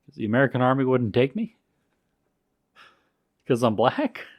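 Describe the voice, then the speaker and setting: A man's voice: medium pitch, sing-song, moderate pace, no echo, dull audio. A man voicing a proud male war hero turned elevator operator who tells his exploits in a casual, offhand way.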